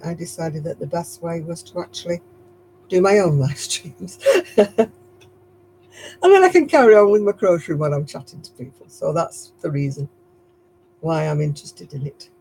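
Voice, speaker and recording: A woman's voice: fairly low pitch, dark tone, a little hiss or hum, rough recording. A woman with a Lancashire accent hosting a casual live stream while she crochets, chatty and rambling, chuckling at herself. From Lancashire, England.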